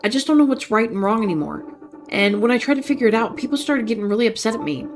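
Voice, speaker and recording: A woman's voice: fairly high pitch, lively intonation, fast talker, a little hiss or hum. A woman voicing an earnest young man who speaks hesitantly and doubts himself, while reading interactive fiction aloud. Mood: troubled. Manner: hesitant, self-doubting, stumbling. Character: earnest, unsure young man, anxious and questioning.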